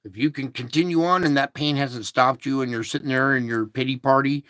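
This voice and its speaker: A man's voice: mid-range voice, moderate pace, few pauses, fairly bright tone, dry recording, clean studio sound. A man hosting an online show, talking in a casual, preachy monologue with emphatic rhetorical questions, recorded on a phone or laptop.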